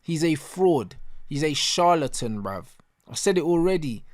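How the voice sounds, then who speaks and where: A man's voice: on the high side, expressive, measured pace. A man ranting in a post-match football reaction video, heavy on slang and repeating himself for emphasis. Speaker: football fan channel host.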